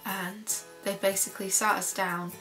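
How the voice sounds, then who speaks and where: Young woman recalling quietly. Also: mid-range voice, flat delivery, moderate pace, music in the background. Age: young adult. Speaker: filmmaker recalling her mother's illness. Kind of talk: personal documentary interview.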